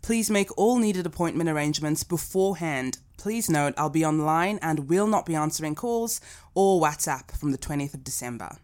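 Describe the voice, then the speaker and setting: A woman's voice: sits low, animated, moderate pace, darkish tone. A woman putting on an Australian accent, playing an ordinary Australian woman reading out a closing notice. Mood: announcing.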